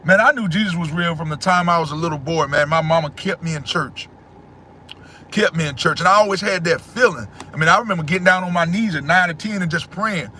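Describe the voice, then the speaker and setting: A man hosting a casual livestream, answering his chat in a loud, preachy way and repeating phrases. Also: fairly high pitch, brisk, a little hiss or hum.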